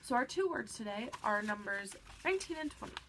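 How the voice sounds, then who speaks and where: A woman's voice: a little high, sing-song, fairly quick, background noise. Stuffy-nosed woman teacher, patient and upbeat. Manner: patient, encouraging, frequent "all right" check-ins. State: stuffy nose from allergies. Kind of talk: remote reading lesson for children.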